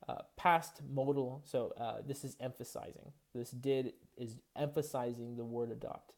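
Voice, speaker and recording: A man's voice: on the high side, a little mellow. A man giving a recorded college English lecture, explaining patiently and thinking aloud with frequent fillers and restarts.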